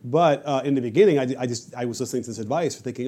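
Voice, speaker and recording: Guy on a podcast rattling off coaching stories super fast, mellow low-ish tone, keeps restarting. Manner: rapid, animated storytelling with many restarts. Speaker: podcast guest, basketball coach and creator. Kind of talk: casual podcast conversation.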